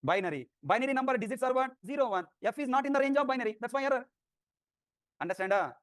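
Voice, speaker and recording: Male programming teacher, high and fast, drilling a classroom, dry close sound. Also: lively intonation, a bit bright, no echo. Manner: drilling questions, repetitive, teasing students. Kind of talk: classroom lecture with questions.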